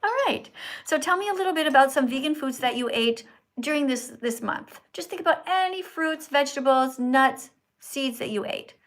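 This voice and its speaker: A woman's voice: high-pitched, animated, normal speed, fairly bright tone. A woman hosting a live stream from her phone, talking earnestly and in a preachy, teacherly way to her viewers. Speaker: livestream host. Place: indoors in Italy.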